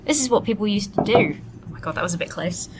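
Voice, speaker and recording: A tired woman vlogging casually from a hotel room into a laptop webcam, rambling and soft-spoken, sometimes drifting into whispers. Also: expressive, fast talker. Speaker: vlogger and actor. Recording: noisy low-quality webcam audio.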